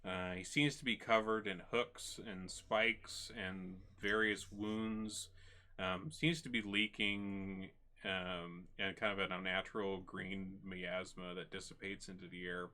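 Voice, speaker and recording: A man runs a tabletop game, describing each scene for his players. He talks slowly and haltingly, restarting phrases and filling gaps with ums. His voice sits a little low but sounds bright. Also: level tone. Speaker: game master.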